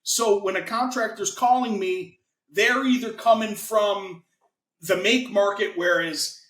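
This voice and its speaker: A man's voice: sits high, fairly even intonation, measured pace, fairly bright tone. Enthusiastic American man, roomy sound. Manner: enthusiastic, chatty, salesy. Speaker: guest, financing consultant. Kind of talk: casual interview chat.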